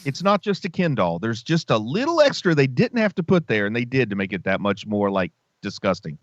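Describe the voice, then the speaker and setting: A man's voice: mid-range voice, sing-song, fairly quick, dry recording, highs cut off. A man co-hosting a movie podcast, talking in a casual, jokey way and often tacking "man" onto his sentences. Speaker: podcast co-host. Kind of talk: casual chat.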